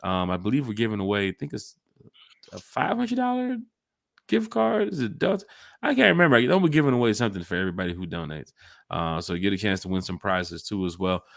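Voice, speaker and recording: A man hosting a casual sports podcast, talking in an animated way that jumps between hype and jokes. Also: on the low side, fast, creaky, no echo, clean studio sound. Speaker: podcast host.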